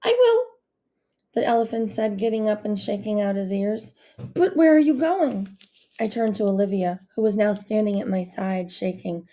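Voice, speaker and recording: A woman reading a novel aloud as narrator in a steady storytelling manner. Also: medium pitch. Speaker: audiobook narrator. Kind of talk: scripted narration.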